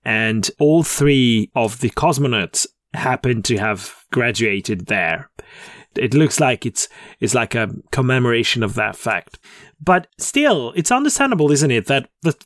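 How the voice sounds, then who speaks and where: Jokey male podcast co-host, mid-pitched, dry close sound. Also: no room sound. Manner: chatty, jokey, laughs at own puns. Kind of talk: casual chat.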